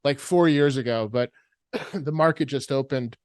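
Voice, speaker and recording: A man from the United States hosting a casual podcast interview, easygoing and joking, with quick comic voices. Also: medium pitch, darkish tone, no echo, studio quality. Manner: easygoing, jokey, does quick funny voices. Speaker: podcast host.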